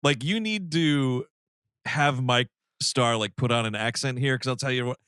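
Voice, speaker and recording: A man's voice: medium pitch, moderate pace, fairly bright tone, smooth, no room sound, studio quality. A man co-hosting a comedy podcast, in casual chat, ranting in mock outrage and swearing freely. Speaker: podcast co-host.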